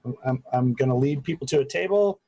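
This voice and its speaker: A man's voice: medium pitch, expressive, fast, mellow, muffled recording. A man co-hosting a casual podcast chat, hesitant and stammering through his restarts.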